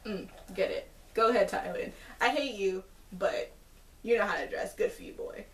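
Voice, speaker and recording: A woman giving a casual, chatty episode recap, full of fillers and animated asides. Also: medium pitch, normal speed. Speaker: TV episode reviewer. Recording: roomy, distant from the mic.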